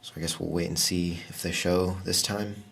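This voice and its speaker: A man's voice: deep voice, level tone, normal speed, creaky, a bit bright, husky. A young man talking hesitantly and nervously, full of fillers and restarts. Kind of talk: casual phone call and self-recording.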